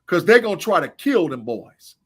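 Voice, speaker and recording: A man's voice: high voice, very animated, moderate pace, a bit bright, husky. A man co-hosting a sports podcast, a former college football player talking emphatically and repeating his points. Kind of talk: casual sports chat.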